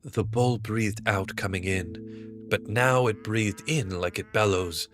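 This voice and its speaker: A man voicing a gruff male bull herder in a video game, speaking low, slow and matter-of-fact. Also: fairly bright tone, soft background music. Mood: stubborn.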